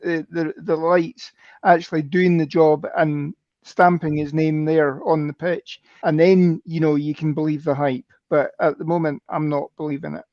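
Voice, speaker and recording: A man's voice: on the high side, little pitch movement, normal speed, a little mellow, no echo. A man co-hosting a podcast, talking in a rambling, self-correcting, sceptical way over slightly dull call audio. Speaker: co-host. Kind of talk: casual podcast chat.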